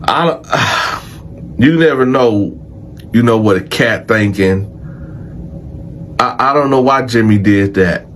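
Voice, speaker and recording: A man telling a prison story in a casual, animated and profane way, addressing his audience directly. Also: fairly low pitch, takes it slowly, long pauses, slight background noise. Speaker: storyteller host.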